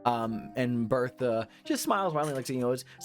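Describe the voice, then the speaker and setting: A man's voice: mid-range voice, animated, fairly quick, few pauses, faint music behind. A man narrating as game master for a horror tabletop game, rambling with many fillers.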